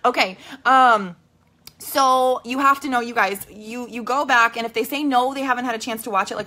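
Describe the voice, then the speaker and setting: A woman's voice: fairly high pitch, steady tone, normal speed, pushed and bright. A woman coaching casually to camera from home, bubbly and chatty, checking in with "okay?" all the time. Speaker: network marketing coach. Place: at home with children nearby.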